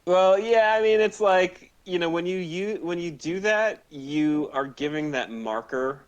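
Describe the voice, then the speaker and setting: A man's voice: sits high, a little slow, highs cut off. A man co-hosting a casual chat show, rambling through his thoughts with many fillers and easy laughter. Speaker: co-host.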